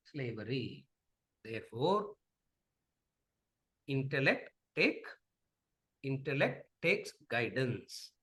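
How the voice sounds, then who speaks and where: Bright-voiced man. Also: sits high, poor audio. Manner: repetitive, asks the audience rhetorical questions. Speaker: Vedanta teacher. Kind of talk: lecture with questions and answers.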